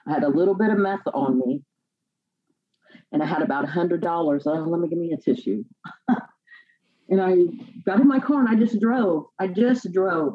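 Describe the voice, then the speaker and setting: A woman telling her own life story in a podcast interview, halting and repeating words as she fights back tears. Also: fairly low pitch, slightly rough, lo-fi sound. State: near tears. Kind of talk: emotional personal testimony.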